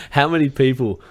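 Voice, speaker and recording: A young Australian man hosting a casual tech chat, laid-back and rambling with lots of fillers, recovering from the flu. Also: mid-range voice. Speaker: tech channel host.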